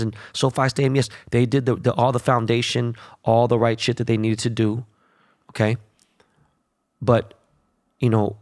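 A young man hosting a sports podcast, ranting bluntly with constant profanity in a casual, animated way. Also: medium pitch, vocal fry, no room sound, studio quality. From Los Angeles. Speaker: podcast host.

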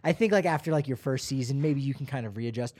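A man's voice: medium pitch, fast, no echo. A man co-hosting a podcast, chatting casually and rambling with fillers. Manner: relaxed, rambling, many fillers. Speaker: podcast co-host. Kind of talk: casual sports chat.

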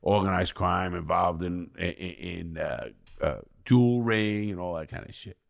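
An American ex-convict, appearing as an interview guest, tells prison stories in a deep, gravelly voice at an unhurried pace. He's blunt and profane, rambling and restarting as he goes in this casual storytelling.

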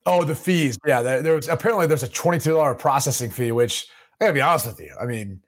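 A man co-hosting a sports podcast in casual chat, relaxed and joking, sometimes slipping into mock voices. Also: medium pitch, quick pace. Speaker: podcast co-host.

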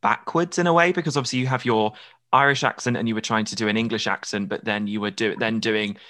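Fast-talking bright male host. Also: fairly low pitch, steady tone. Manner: teasing, quick questions. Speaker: podcast host. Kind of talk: interview hosting.

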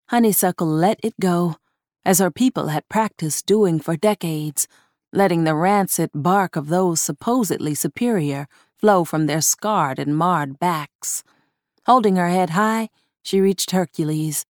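A woman narrating a horror short story in a measured, deliberate reading. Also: lowish voice, a little mellow, no echo, clean studio sound.

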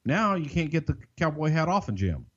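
An older man with a Southern American accent, co-hosting a podcast and telling behind-the-scenes stories in a folksy, drawn-out way. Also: fairly high pitch, very animated, a bit bright, lo-fi sound. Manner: folksy, drawn-out, swears casually. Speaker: podcast co-host. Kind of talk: casual storytelling.

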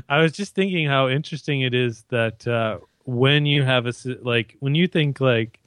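A man's voice: mid-range voice, unhurried, a bit bright, no echo. A Canadian man co-hosting a podcast, rambling and joking with lots of fillers and restarts. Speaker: podcast co-host. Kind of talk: casual chat.

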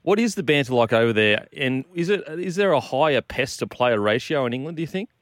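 A man's voice: medium pitch, lively intonation, brisk, dry recording. Guy co-hosting sports radio, dry close sound, jokey question. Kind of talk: casual sports radio chat.

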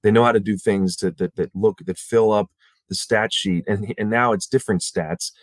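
A man's voice: on the low side, fairly even intonation, no echo. A man speaking as a guest in a casual conversation, restarting often and acting out quotes. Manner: halting restarts, acts out quotes.

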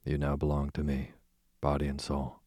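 A man's voice: rumbling low, monotone, normal speed, darkish tone, husky, dry recording. A man reading as a sardonic, languid duke. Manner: dry, sarcastic drawl.

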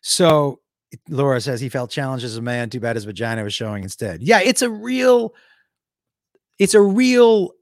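A man, a comedian, spins a rambling, profane story in a casual chat with his audience. His voice swings widely in pitch and stays lively throughout. The sound is dry and close, with no room echo. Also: normal speed. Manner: animated, profane, digressive. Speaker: comedian and show host.

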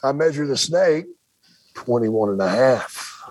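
A man's voice: mid-range voice, animated, unhurried, a little mellow, dry recording. An older man, a podcast host, telling a colorful, profane story and acting out the quotes of other people. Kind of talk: casual storytelling chat.

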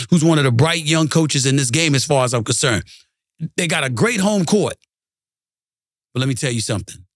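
Heated sports-show host, ranting. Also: male voice, medium pitch, a bit bright, dry recording, clean studio sound. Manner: emphatic, heated, repeats for emphasis. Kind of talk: ranting sports commentary monologue.

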